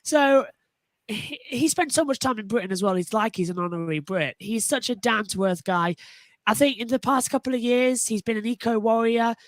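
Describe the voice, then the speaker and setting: A woman's voice: fairly high pitch, normal speed, no echo. A woman on a motorsport panel talking enthusiastically and animatedly, often restarting her sentences. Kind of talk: casual panel discussion.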